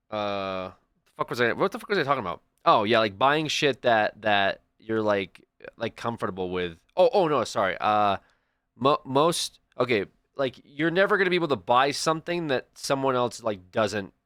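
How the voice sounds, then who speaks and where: A man's voice: lowish voice, fairly bright tone, dry recording, studio quality. A young adult man streaming, chatting casually and rambling through stories with many restarts. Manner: rambling, restarts and storytelling asides. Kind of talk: casual chat to stream viewers.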